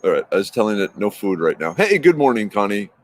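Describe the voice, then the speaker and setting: A man with a fairly low voice talks fast and very animatedly, with no room sound, while hosting a casual morning livestream outdoors in his backyard. He greets viewers by name in an upbeat, rambling way as traffic passes in the background.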